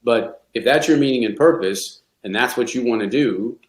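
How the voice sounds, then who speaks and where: A man's voice: medium pitch, normal speed. A middle-aged man, a golf coach, speaking candidly and reflectively in a podcast interview, often restarting his sentences. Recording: roomy echo.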